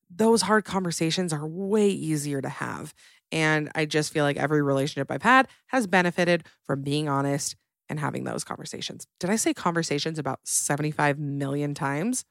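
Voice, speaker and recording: A woman's voice: low-pitched, dry recording, clean studio sound. A young woman hosting a solo podcast, talking in a candid, chatty and emotional way. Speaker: podcast host.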